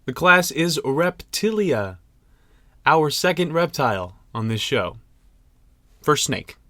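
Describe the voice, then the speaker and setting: A man's voice: on the high side, sing-song, slow pace, bright, forceful tone, no echo. Joking young man on a dry close mic. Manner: joking, rambling, laughs often. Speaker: podcast co-host. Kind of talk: casual chat.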